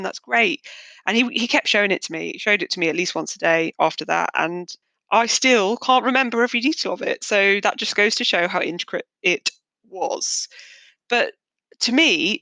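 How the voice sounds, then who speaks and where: A woman with a medium-pitched, sharp voice hosts a podcast, telling a long personal story in a casual monologue. Her manner is chatty, rambling and darkly candid. There's no room sound.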